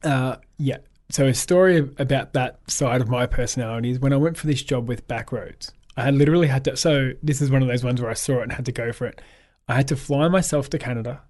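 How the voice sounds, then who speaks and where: A man's voice: medium pitch, fast talker, darkish tone. Upbeat Australian man telling stories. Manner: upbeat anecdotal storyteller, acts out quoted dialogue. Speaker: guest photographer. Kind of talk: casual conversational interview.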